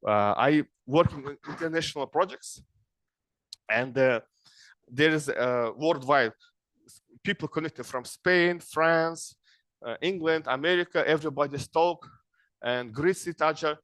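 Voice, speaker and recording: A man's voice: a little high, a little slow, fairly bright tone, dry recording. Middle-aged man with broken, English. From Kazakhstan. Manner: broken English, frequent "yes?" tag questions. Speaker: speaker advising young people. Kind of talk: informal lecture.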